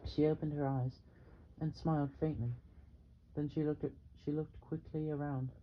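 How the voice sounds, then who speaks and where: A man narrating a novel in the first person, with a steady, measured delivery. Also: fairly high pitch, muffled recording, slight background noise. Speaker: audiobook reader.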